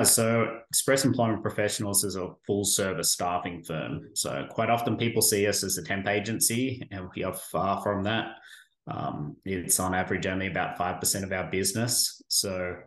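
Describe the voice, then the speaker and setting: A man's voice: sits low, fairly bright tone. A middle-aged Australian man with an Australian accent, chatting easily in an interview with a dry, self-deprecating humor. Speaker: staffing firm guest. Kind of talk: casual interview. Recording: roomy echo.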